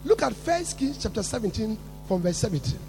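Guy preaching a sermon, real high voice with gravelly edges, keeps repeating himself and building up loud. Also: big pitch swings, brisk, soft background music. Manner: emphatic, rising to shouts, repeats words.

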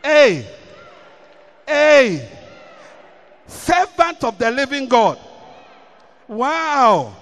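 A man's voice: extremely high pitch, big pitch swings, extremely slow, pauses often, fairly bright tone, long reverb tail. A man preaching a sermon, reading scripture and repeating key lines with rising emphasis.

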